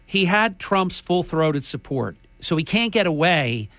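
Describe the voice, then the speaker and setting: Man, talk radio host, combative, emphatic, slightly high voice, dry close mic. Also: big pitch swings, unhurried, fairly bright tone, no echo. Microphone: studio microphone.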